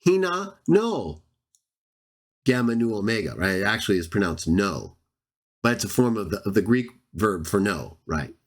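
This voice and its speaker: A man's voice: lowish voice, sing-song. A man hosting a Bible channel, giving combative verse-by-verse scripture commentary, sarcastic and speaking straight at his opponents, stretching out the verses he reads for emphasis. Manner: drawn-out emphatic reading of verses. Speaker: Bible teacher and channel host.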